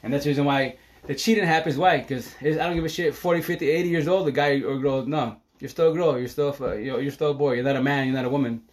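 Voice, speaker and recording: A man's voice: medium pitch, fairly even intonation, fast. A middle-aged man talking casually on a live stream from home, rambling and emotional, swearing freely and laughing often.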